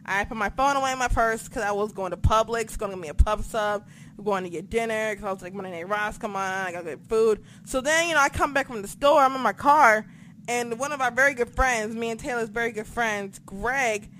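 A young woman on a podcast, telling stories in a casual, profane, animated way. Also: fairly high pitch, a little fast, a little hiss or hum. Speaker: podcast co-host. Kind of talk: casual chat.

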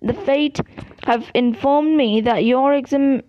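A woman's voice: sits high, slow, no room sound, dull audio. A woman reading aloud and voicing a misty-voiced, dramatic female divination teacher. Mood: mystical.

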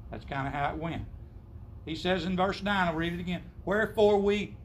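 A man's voice: on the high side, a little fast, a bit bright, slight background noise. A man preaching a sermon to his congregation, emphatic, asking rhetorical questions and quoting scripture.

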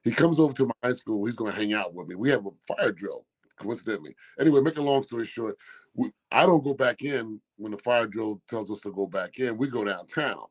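A man's voice: on the low side, brisk, low-quality recording. A man in his sixties from Philadelphia, a former basketball player telling stories as a guest in a casual interview, acting out the quoted dialogue as he goes. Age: 60s. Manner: animated storyteller who acts out quoted dialogue.

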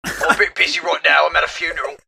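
A man's voice: fairly high pitch, flat delivery, fast, creaky, pushed and bright, a little hiss or hum, full character voice. A man voicing a busy, brusque mum taking a phone call in an improvised comedy audio play.

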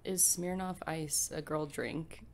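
A woman's voice: deep voice, fairly even intonation, slow. A young woman co-hosting a casual chat, making dry asides. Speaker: podcast co-host.

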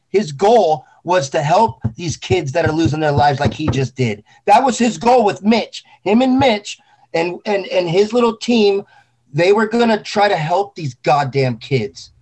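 A man's voice: high voice, expressive, moderate pace, a little mellow, husky. A man talking casually about grief, intense and rambling, swearing often. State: grieving. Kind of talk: emotional casual talk.

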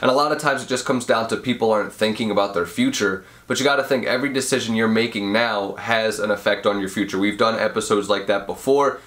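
A man's voice: on the low side, fast talker, few pauses, a bit bright. A young man hosting a casual advice podcast while sick with a cold, sniffling and nasal, talking through a mouth he can't fully open. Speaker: podcast host.

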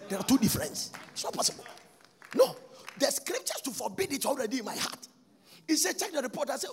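Fervent high-voiced male preacher in a reverberant church. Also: very animated, fairly quick, gravelly, breathy edge. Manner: fervent preaching that swings between shouted and sung phrases and repeats lines. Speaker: pastor. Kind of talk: sermon. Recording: long reverb, faint music behind.

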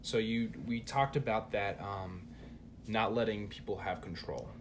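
A man's voice: on the low side, a little slow, a little hiss or hum. A man co-hosting a podcast, talking earnestly and encouragingly in casual chat. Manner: earnest and encouraging, repeating words. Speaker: podcast co-host.

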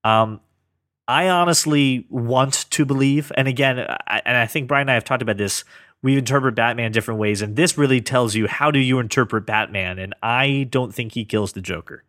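This is an earnest man co-hosting a casual comics chat, circling back and restarting as he works through his thoughts. His voice sits at an ordinary middle pitch. It is recorded dry and close, with no room sound. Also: fairly quick, fairly bright tone, dry recording. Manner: earnest, thinks aloud with many restarts. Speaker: podcast co-host.

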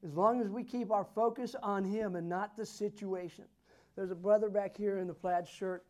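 A man ministering as a prophet, praying and declaring prophetic words over people in a fervent style that builds to loud, emphatic declarations. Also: sits high, steady tone, normal speed.

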